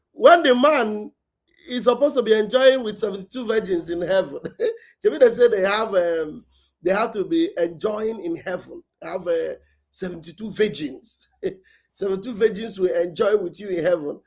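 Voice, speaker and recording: A man's voice: high-pitched, normal speed. A man hosting a call-in show, chatting casually, laughing often and humming along as callers speak. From Nigeria. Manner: laughs often, short backchannel hums. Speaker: host.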